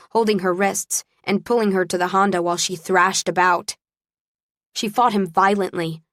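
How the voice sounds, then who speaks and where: Woman audiobook narrator; expressive first-person read, mid pitch, dry studio sound. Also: no room sound.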